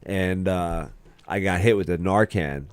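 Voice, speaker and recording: A young man tells stories in loose, rambling casual chat, packed with "like" and cursing. His voice sits low and smooth. The sound is dry and close. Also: unhurried, dry recording. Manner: storytelling, heavy filler "like", swears a lot. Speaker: podcast co-host.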